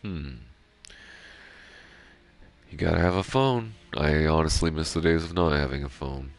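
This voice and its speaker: Rambling gamer guy with an extremely low, gravelly voice, swears a lot, casual stream talk. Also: unhurried. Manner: rambling, swears freely, self-reflective. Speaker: gaming streamer. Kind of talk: casual chat while playing.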